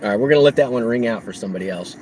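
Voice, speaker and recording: A man livestreaming on the road as a delivery driver, telling a story in a casual, animated way and laughing often. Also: mid-range voice, very fast, a little hiss or hum, poor audio.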